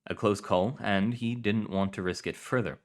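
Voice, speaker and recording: A man with a low, deep voice reading short stories aloud. His narration is calm and measured, with a low-key, unhurried delivery. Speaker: story reader. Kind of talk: scripted fiction narration.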